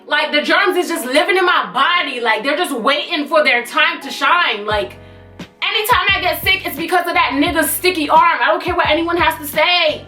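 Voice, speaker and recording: A young woman in her twenties, a vlogger telling a storytime tale in an animated, sassy way with blunt slang. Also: sits high, moderate pace. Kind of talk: storytime vlog. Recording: echoey room, mic at a distance, faint music.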